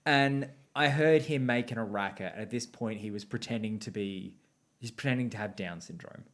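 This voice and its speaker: A man's voice: on the low side, moderate pace, a bit bright. A young man co-hosting a sports podcast, chatty and laughing often as he tells stories. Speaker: podcast co-host. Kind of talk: casual sports chat.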